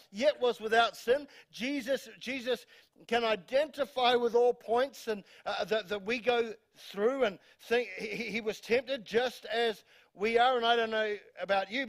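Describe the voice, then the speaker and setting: New Zealand male pastor, higher voice, emphatic sermon delivery, repeats himself, jokes with the congregation. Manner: emphatic, repeats words, reads scripture aloud, jokes with congregation. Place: church hall.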